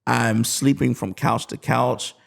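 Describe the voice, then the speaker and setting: A man guesting on a podcast, telling a story in a lively way and acting out the other people's voices. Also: mid-range voice, slow pace, creaky. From USA. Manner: animated storyteller, acts out voices in his anecdotes. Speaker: guest musician. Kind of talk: casual storytelling interview.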